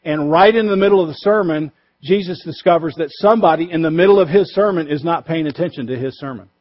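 A male pastor preaching a sermon, emphatic, pushing his voice up for stress and dropping low and quiet to drive points home. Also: fast talker, highs cut off. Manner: emphatic, rises and drops for stress.

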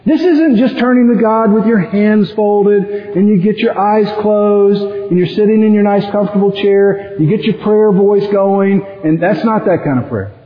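A high-voiced man preaches a sermon with lively animation, now and then acting out anguished prayers. He is heard in a roomy church hall with a long reverb, and the sound is a little dull. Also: moderate pace, hardly any pauses. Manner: animated, acts out quoted prayers with sudden rises in pitch. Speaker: pastor.

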